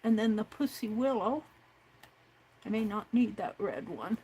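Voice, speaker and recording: Her voice is mid-range and warm, with lively intonation and a slightly slow pace, as she hosts a crafting livestream. She chats to herself and her viewers while working and reads the chat aloud, over a rough recording with a little hiss or hum.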